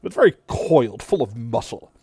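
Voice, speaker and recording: A man's voice: mid-range voice, very animated, fairly quick, warm tone, breathy edge, no room sound. A man narrating a tabletop game as game master, describing the scene in a casual way.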